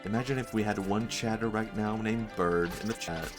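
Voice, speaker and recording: Man, livestreamer, casual chat, fairly low voice, self-mocking, laughs a lot. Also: normal speed, music in the background. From Sweden. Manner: muses aloud, laughs often, self-mocking. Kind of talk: casual chat while gaming.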